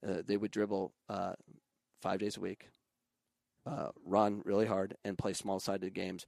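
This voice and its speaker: Gravelly low-voiced soccer coach man. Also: unhurried, dry recording. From Arizona. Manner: animated, mimics other coaches and parents in raised voice. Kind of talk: casual podcast conversation.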